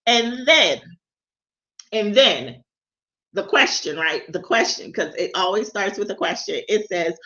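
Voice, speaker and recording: Speaking straight into her camera or phone on a livestream, a woman has a loose, devotional chat in a bright, forceful voice of medium pitch with lively intonation and a slightly slow pace. She is candid and often trips over and repeats her words. The sound is dull and lo-fi.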